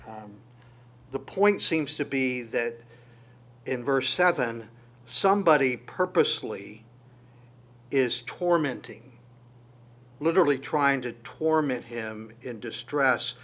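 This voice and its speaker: A man's voice: takes it slowly, pauses often. Man preaching with frequent restarts. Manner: animated, jumps in pitch and loudness on key lines; stammers and restarts phrases often. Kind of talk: conversational sermon.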